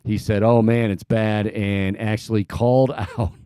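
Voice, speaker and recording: A man's voice: lowish voice, flat delivery, measured pace, dark tone, clean tone, no echo, clean studio sound. A man hosting a sports talk radio show in a casual, chatty way, often restarting his sentences.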